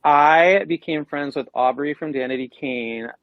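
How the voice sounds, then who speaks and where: A man's voice: on the high side, unhurried, dry recording, lo-fi sound. A man co-hosting a podcast, telling stories in casual chat and acting out what people said. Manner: animated, acts out quoted voices. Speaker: podcast co-host.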